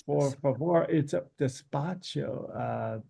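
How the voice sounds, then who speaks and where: A man's voice: fairly high pitch, slow pace, creaky, warm tone, breathy edge. A man answering as a student in an online class, hesitant and searching for words.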